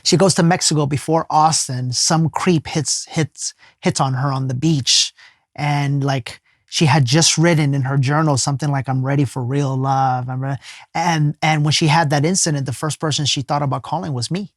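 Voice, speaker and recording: A man, a life coach appearing as a podcast guest, telling a personal story in an earnest, emphatic way and sometimes dropping to a soft hush. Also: fairly high pitch, fairly even intonation, moderate pace, no echo, clean studio sound. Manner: casual speech with many fillers and restarts.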